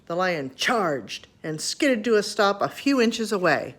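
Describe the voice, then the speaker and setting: A woman reading a children's chapter book aloud to her grandchildren, expressive and homely. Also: mid-range voice, a little slow.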